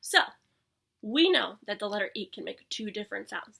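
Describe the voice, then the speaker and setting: A young woman leading a preschool circle time lesson from home, with an animated sing-song manner that often drops to a soft whisper. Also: medium pitch, creaky, slightly rough. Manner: animated sing-song teacher voice with gasps and drawn-out words. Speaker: preschool teacher.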